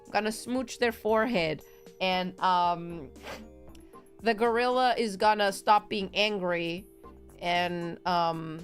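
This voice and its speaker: A woman's voice: mid-range voice, takes it slowly, faint music behind. A woman streamer chatting casually on a live stream, rambling in a giggly, playful way. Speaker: VTuber streamer.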